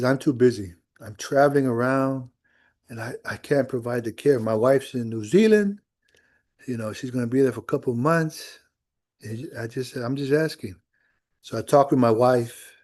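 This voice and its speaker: Middle-aged male pastor, warm low-key tone, conversational sermon storytelling in a church. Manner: conversational storytelling with quoted dialogue.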